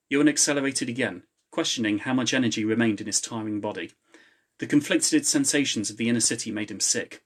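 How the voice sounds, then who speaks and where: A man's voice: mid-range voice, quick pace. A man who is the author, reading his novel aloud in a live stream from home and chatting casually with viewers in between. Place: home, with a laptop.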